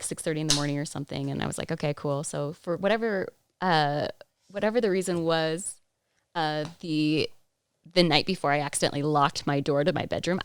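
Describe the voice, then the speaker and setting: A woman's voice: low voice, clear, resonant tone, dry recording. A woman interpreting for a guest in the first person, telling his stories animatedly with frequent laughter and restarts.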